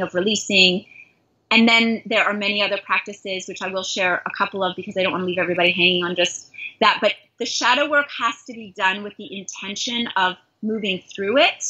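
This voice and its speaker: A middle-aged woman from Canada talks as a life coach in an interview, earnest and openly self-reflective. Her voice is bright and forceful, with a breathy, husky grain, on a dull, lo-fi recording. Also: mid-range voice.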